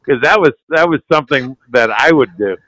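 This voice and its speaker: A man's voice: medium pitch, lively intonation, brisk, a bit bright, no echo, low-quality recording. An older man, a retired hockey player, casually telling a story as a podcast guest, laughing and swearing now and then.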